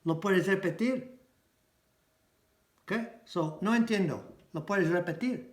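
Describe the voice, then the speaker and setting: Echoey man teaching everyday phrases. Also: high voice. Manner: explains phrases by repeating them slowly and translating. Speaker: language teacher. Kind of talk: casual language lesson. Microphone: camera mic.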